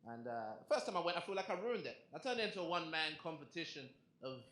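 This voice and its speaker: A man's voice: a little high, sing-song, fast, a bit bright. A young man with an English accent performing a stand-up comedy set in a club, talking to the crowd in a punchy, conversational way. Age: young adult. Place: comedy club in front of a live audience. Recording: echoey club room with audience laughter.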